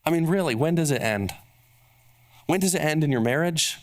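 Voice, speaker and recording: A man's voice: fairly high pitch, lively intonation, moderate pace. A man preaching a sermon as pastor, emphatic and building on repeated rhetorical questions.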